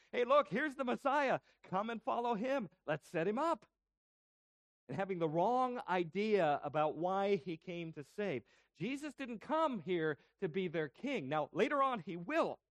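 Male pastor, sermon delivery, high pitch, explanatory and questioning, dry recording. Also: no room sound. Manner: explanatory, asks rhetorical questions.

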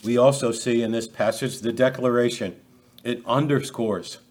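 A man's voice: medium pitch, fairly even intonation, normal speed, darkish tone. A man preaching an expository sermon as pastor, conversational, posing rhetorical questions, acting out quotes and often repeating words as he restarts phrases.

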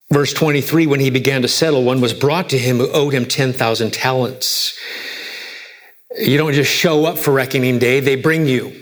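A man preaching a sermon, emphatic, asking rhetorical questions and swinging between soft low lines and raised high ones. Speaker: pastor.

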